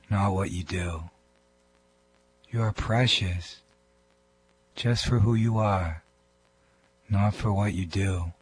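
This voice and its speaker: Man in his radio ministry role, lowish voice, earnest and reflective, faint hum behind. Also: poor audio. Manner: earnest, reflective, restating the preacher's points.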